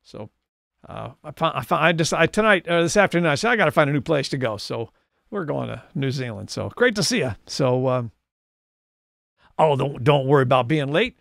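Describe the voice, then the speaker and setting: A man's voice: mid-range voice, expressive, a little fast, creaky, fairly bright tone, no room sound, clean studio sound. A man hosting a live music stream, crooning songs and chatting with viewers in a rambling way between songs, laughing often. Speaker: host and singer. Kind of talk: live-stream lounge singing and chat.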